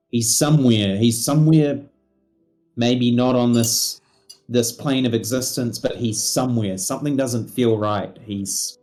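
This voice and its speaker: An earnest, apologetic adventurer in a tabletop game, played by a man in his own mid-pitched voice. He stumbles over his words and restarts often. Faint music plays behind. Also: dark tone, close to an everyday voice. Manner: apologetic, hesitant, repeats himself.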